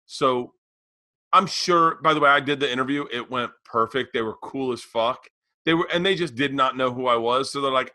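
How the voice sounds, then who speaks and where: Man, podcast co-host, casual storytelling, punchy bright tone, dry close sound. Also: medium pitch, normal speed, no echo. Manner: animated, acts out quoted voices.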